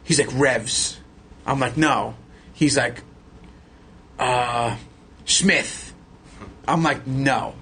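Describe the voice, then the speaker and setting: A middle-aged man, a podcast guest telling animated stories and acting out the voices of other people. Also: mid-range voice, extremely slow, long pauses, slight background noise. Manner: animated, acts out quoted voices. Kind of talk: casual storytelling chat.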